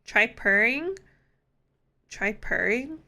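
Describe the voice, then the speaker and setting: A woman's voice: a little high, lively intonation, drawn-out words, creaky, pushed and bright. A woman live-streaming in casual chat, playful and giggly, swearing freely.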